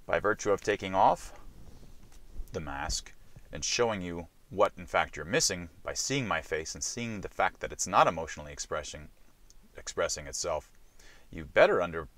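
A man hosting a short science segment, explaining an idea in a deliberate, explanatory way. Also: low-pitched, animated, a bit bright. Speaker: science show host.

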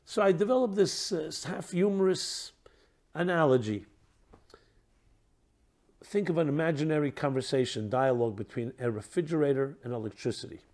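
A rabbi with a slightly high voice gives a reflective teaching talk. He poses question after question and lets his phrases fade to a quiet close. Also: normal speed. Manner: thoughtful, asks rhetorical questions, trailing off softly.

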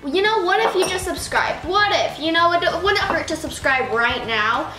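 A woman's voice: very high-pitched, lively intonation, moderate pace, sharp tone, soft background music. A woman rambling through a casual food-tasting vlog, talking to the camera and making fun of herself. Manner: rambling and self-mocking, talks to the camera. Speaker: vlogger. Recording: echoey room with faint noise.

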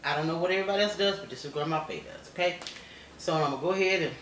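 An older grandmother talks through her home cooking in a folksy, chatty way, addressing viewers directly and checking in with them. Her voice sits at an ordinary pitch for a woman. It bounces around an echoey kitchen with loud noise behind it. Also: rapid-fire. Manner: folksy, chatty, keeps asking "okay?" and calls viewers y'all and baby. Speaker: home cook. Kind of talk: cooking demonstration vlog.

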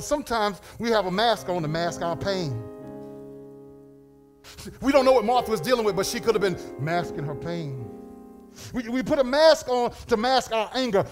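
High-voiced preacher man with music behind. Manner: lively preaching with dramatic pitch swings and acted asides. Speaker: pastor. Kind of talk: sermon. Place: church.

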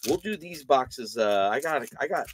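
Lively, energetic man hosting a card break. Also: medium pitch, moderate pace, a little hiss or hum. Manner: energetic, calls out player names with slangy shout-outs to buyers. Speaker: host of a live trading card break. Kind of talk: live card break commentary.

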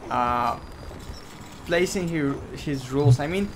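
A man whose first language is Romanian, with a slightly high voice and slow pace, casually commentates a strategy game match with a friend over a noisy background. He's chatty and gets heated when he argues.

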